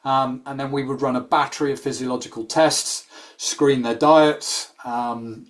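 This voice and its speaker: Man, explanatory talk, rapid and animated, lots of fillers. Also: medium pitch. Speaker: sports medicine clinician.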